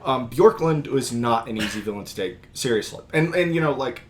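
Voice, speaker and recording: A man's voice: mid-range voice, lively intonation, brisk, crowd noise. A man who was a player, chatting casually and rambling with many fillers. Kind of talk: casual podcast chat about a tabletop campaign.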